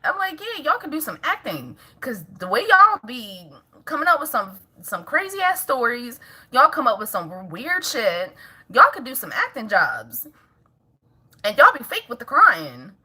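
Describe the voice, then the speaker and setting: A chatty mother vlogging from home, her voice bright and a little husky. She swings up and down in pitch as she talks to viewers, laughing often and breaking off to scold her toddler. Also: huge pitch swings, measured pace. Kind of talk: casual chat to viewers.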